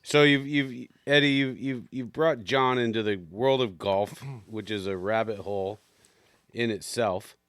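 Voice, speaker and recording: A man's voice: mid-range voice, unhurried, a bit bright, clean tone, no echo, studio quality. A man hosting a casual podcast, upbeat and often repeating words as he gets going. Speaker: podcast host.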